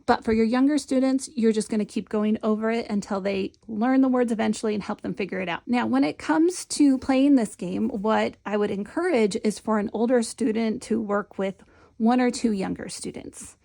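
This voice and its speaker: A woman explains a classroom syllable game step by step in a patient, teacherly way. Her voice sits a little high with a gravelly fry, and she slips into a sing-song lilt when she models the chant. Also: normal speed, dark tone. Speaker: Montessori teacher trainer. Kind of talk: instructional demonstration.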